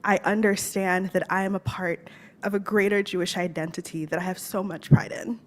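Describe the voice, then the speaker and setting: A woman's voice: mid-range voice, fairly even intonation, moderate pace. A woman reading an earnest, heartfelt personal statement in a synagogue as she converts to Judaism. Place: synagogue sanctuary.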